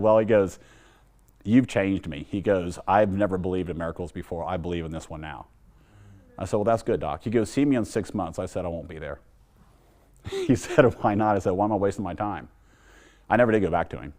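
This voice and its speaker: Blunt middle-aged man, slightly low voice, storytelling testimony with humor. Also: darkish tone. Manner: blunt, humorous, quotes dialogue in retelling. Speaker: testimony speaker.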